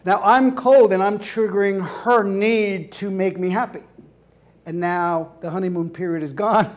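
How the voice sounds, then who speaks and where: A man teaching a class in an animated way, acting out scenes and laughing often. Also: sits high, measured pace. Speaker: hypnotherapy instructor. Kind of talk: lecture with acted-out examples.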